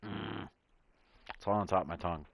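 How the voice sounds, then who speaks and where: Low-voiced guy rambling about a game, slow, lots of ums, dull dry mic. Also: dry recording. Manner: slow and halting, many fillers and pauses. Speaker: gameplay streamer. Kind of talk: casual commentary.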